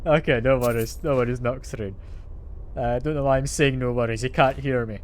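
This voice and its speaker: A man's voice: medium pitch, fairly even intonation, brisk. A man streaming a game, chatting casually with his chat and playfully defending how he says a word. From Britain.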